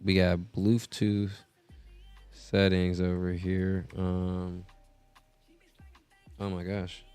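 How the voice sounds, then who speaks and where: A man hosts a casual live stream, rambling along and filling gaps with ums. His voice is deep and smooth with a gravelly edge, and he talks slowly. Faint music plays underneath. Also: completely flat delivery, darkish tone, no echo. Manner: rambling, many filler words. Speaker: host. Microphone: podcast mixer setup.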